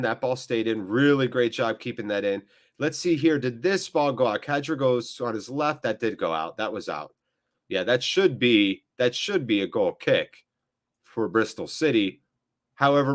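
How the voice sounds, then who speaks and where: A man hosting a fan channel's live watchalong, calling the play excitedly and joking and chatting with viewers in between. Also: medium pitch. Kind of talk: live watchalong match commentary.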